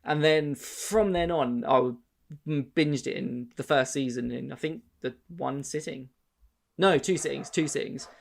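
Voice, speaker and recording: A man's voice: mid-range voice, a little slow, vocal fry. A man co-hosting a podcast, chatting casually, rambling with many restarts and swearing freely. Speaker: podcast co-host. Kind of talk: casual chat.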